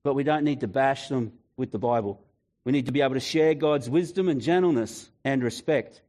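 A male preacher delivering a relaxed, story-driven sermon, speaking right to his listeners. His voice sits at a middle pitch and stays conversational. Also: a little fast. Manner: storytelling, conversational, addresses congregation directly.

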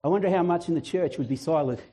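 Man preaching, animated, acts out voices; higher, mellow tone. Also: quick pace. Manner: animated, acts out biblical voices, chatty asides; fluent, breaks into a shout. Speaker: pastor. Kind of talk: sermon.

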